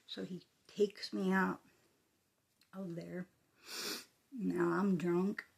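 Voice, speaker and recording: A woman telling a personal story in a soft, halting, emotional way, often dropping into a breathy whisper. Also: fairly low pitch, little pitch movement. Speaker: vlogger.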